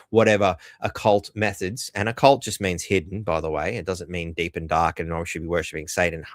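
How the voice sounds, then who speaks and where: A man's voice: low-pitched, no room sound, clean studio sound. An Australian man hosting a podcast, delivering a rambling, profane, sardonic rant. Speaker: podcast host. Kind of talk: ranting commentary.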